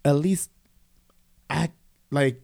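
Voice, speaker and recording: A man in casual chat, telling a story in a profane, animated way, full of "like" and quoted dialogue. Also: on the high side, drawn-out words, vocal fry, no echo, clean studio sound. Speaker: guest telling his coming-out story.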